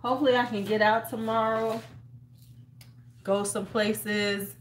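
This American beauty livestream host chats casually from home in winter, greeting viewers by name and talking to herself while she's busy. Her fairly high voice stays fairly flat in pitch, her pace is unhurried, and a faint hiss or hum is audible.

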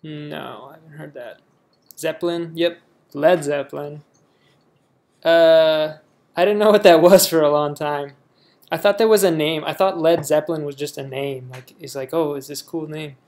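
A man's voice: fairly high pitch, normal speed, a little mellow. A young man from the United States casually reading a word list aloud and reacting offhandedly in a vlog. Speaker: vlogger.

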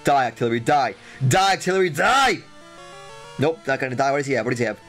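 A young man giving excitable, trash-talking game commentary as a let's play host, repeating his lines. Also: medium pitch, rapid-fire, faint music behind.

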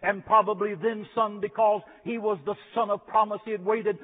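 A man's voice: high voice, little pitch movement, moderate pace. A middle-aged man preaching a sermon in a chapel, with a rhythmic, repetitive cadence. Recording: phone-like archival chapel recording with long reverb.

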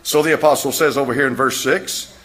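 A man's voice: mid-range voice, steady tone, a little fast, a bit bright. A man preaching a sermon in a church, firing rhetorical questions at his congregation. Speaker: pastor.

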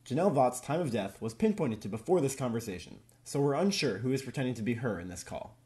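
A young man narrating a police evidence transcript in a deliberate, formal reading. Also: medium pitch, animated, darkish tone, lightly acted. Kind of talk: read-aloud case transcript narration.

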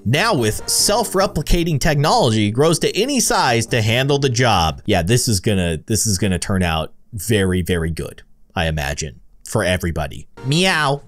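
Excitable man doing game commentary. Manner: excitable, jokey, with lively swings in pitch. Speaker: gaming YouTuber. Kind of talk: playful let's-play commentary.

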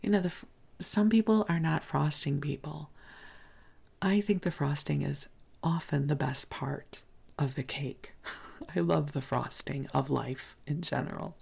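A woman hosting a bedtime podcast, telling a personal story in a gentle, often whispery voice. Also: deep voice, a little slow, gravelly, slightly rough. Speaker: podcast host. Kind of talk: soft-spoken bedtime storytelling.

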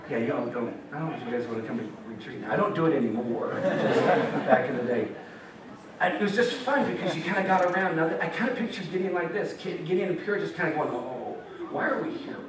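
Playful American man preaching in echoey hall. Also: on the high side. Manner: playful, joking, laughing often, acting out voices. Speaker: campus ministry speaker. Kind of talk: sermon. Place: meeting hall with audience. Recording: echoey hall, mic far off, audience.

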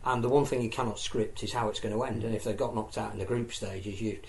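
A man's voice: fairly low pitch, fast talker, creaky, a little hiss or hum. A man on a rugby league talk show, chatting loosely with plenty of restarts and repeated words. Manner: rambling, many restarts, animated storytelling. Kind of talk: casual studio discussion.

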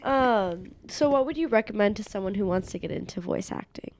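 A woman's voice: medium pitch, animated, a little fast, a little mellow, slight background noise. A woman co-hosting a podcast, asking friendly questions in a casual chat. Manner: friendly, brief backchannels and questions. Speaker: podcast co-host.

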